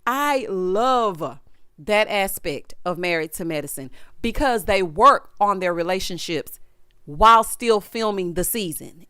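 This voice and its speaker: Sassy, animated woman gossip reviewer. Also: medium pitch, clear, resonant tone, no room sound, clean studio sound. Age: adult, formerly married. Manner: sassy and animated, full of asides to the listener. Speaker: reality TV recap reviewer. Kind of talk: casual commentary.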